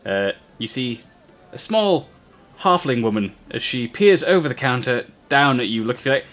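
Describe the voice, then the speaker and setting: A man narrating a tabletop game as game master, halting, with many fillers. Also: fairly low pitch, fairly bright tone.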